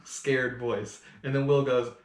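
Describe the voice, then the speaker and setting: A man co-hosting a casual podcast, telling a story in an animated way and laughing as he talks. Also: mid-range voice, slow. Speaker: podcast co-host. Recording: echoey room with faint noise.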